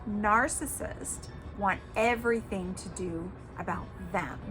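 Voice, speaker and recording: A woman's voice: mid-range voice, slow pace, fairly bright tone, soft background music. A woman hosting her own podcast, talking casually and emphatically to viewers, giving tough-love advice with the odd cuss word. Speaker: podcast host.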